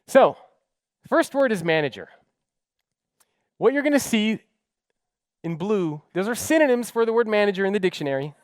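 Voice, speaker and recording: A man speaks on stage in an animated storytelling style, his pitch swinging widely. His voice is dry and close, with no room echo at all. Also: moderate pace, long pauses. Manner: animated, dramatic storyteller who acts out dialogue. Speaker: keynote speaker. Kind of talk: storytelling keynote talk.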